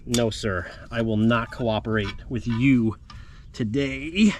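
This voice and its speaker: A man's voice: mid-range voice, slow pace, voice pushed down, lightly acted. A man voicing a stubborn seized brake part that refuses to budge, speaking in a mock-formal, politely defiant way. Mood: stubbornly polite. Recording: windy outdoor noise.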